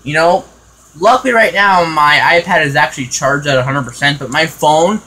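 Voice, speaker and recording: A man's voice: a little high, normal speed, sharp tone, rough recording. A man ranting casually to his own vlog channel in an exasperated, repetitive way, full of "you know" fillers, recorded on a phone. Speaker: vlogger.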